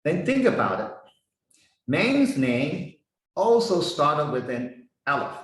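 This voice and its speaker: A man teaching a Bible lesson, slowly spelling out Hebrew words and their meanings one by one. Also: a little high, big pitch swings. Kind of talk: slow explanatory lesson. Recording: echoey room, voice heard from a distance.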